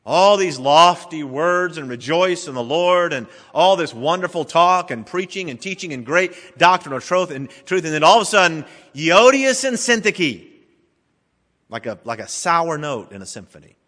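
Man, middle-aged, pastor, sermon, dramatic, emphatic then hushed, bright, long church reverb. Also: on the high side, expressive, normal speed, hardly any pauses. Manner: dramatic, swings between emphatic and hushed delivery. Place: church sanctuary.

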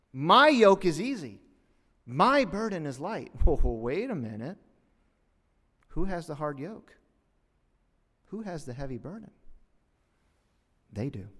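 A man preaching a sermon as a pastor, dramatic, swinging between hushed lines and loud outbursts, with mocking asides. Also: mid-range voice, big-room sound.

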